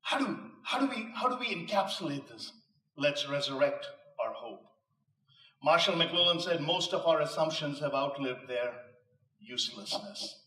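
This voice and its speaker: A man's voice: a little high, expressive, moderate pace, pushed and bright, distant mic. A man giving an emphatic, rhetorical inspirational speech to a live audience, mixing in punchline jokes. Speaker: motivational speaker. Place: live venue before an audience. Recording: echoey room, voice off mic.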